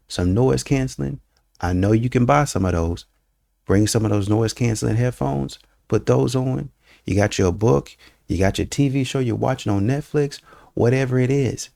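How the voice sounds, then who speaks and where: Male reaction commentator, mocking and gravelly, close dry mic. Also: fairly low pitch, no room sound. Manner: animated, mocking, acts out other people loudly.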